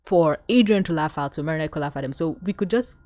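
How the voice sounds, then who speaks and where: A woman giving a casual, excitable cartoon episode review, gushing, swearing, and acting out lines from the show. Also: low-pitched, fast talker. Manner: excitable, swears, gushes and acts out quotes. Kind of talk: casual commentary.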